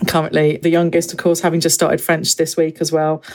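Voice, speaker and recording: A woman's voice: deep voice, fairly quick. A woman, a secondary French teacher and parent, chatting on a video call and acting out the voices of people she quotes. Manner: animated storyteller, acts out quoted voices. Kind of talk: casual podcast conversation.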